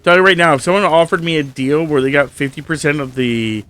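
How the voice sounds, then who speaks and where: A man's voice: a little high, fast talker, a bit bright, clean tone. Rambling, swearing male streamer. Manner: rambling, profane, filler-heavy. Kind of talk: casual chat over gameplay.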